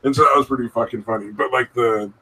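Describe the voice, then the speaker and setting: Husky, profane man chatting casually. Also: mid-range voice, steady tone, quick pace, pushed and bright, recorded from a distance, rough recording. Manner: profane, rambling, laughs often. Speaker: podcast co-host. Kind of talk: casual chat.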